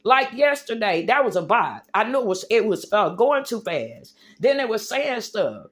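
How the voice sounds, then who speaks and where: This woman, whose voice sits slightly high, is very animated as she rants about faith straight to the people watching her livestream. She speaks at a normal speed, preaching with emphasis and calling them y'all and baby.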